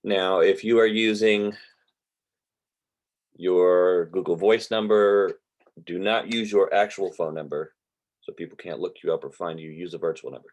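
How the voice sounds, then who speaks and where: A man, teaching an online real estate class in a relaxed, rambling way over a video call. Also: deep voice, a little slow. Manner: relaxed, rambling, drawls with y'all. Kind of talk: casual online class lecture. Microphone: computer mic on a video call.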